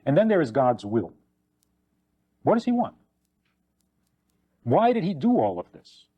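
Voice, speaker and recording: Man, rabbi, teaching talk, storytelling, slightly high voice, dry sound. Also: big pitch swings, unhurried, dark tone, husky, dry recording. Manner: storytelling, acts out quoted voices with rising pitch.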